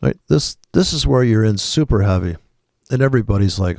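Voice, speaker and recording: Low-voiced guy rambling over trading charts, swears a lot, dry close sound. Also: a little fast, a little mellow, no echo. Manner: rambling, profane, thinking aloud. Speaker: trading video host. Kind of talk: casual live chart commentary.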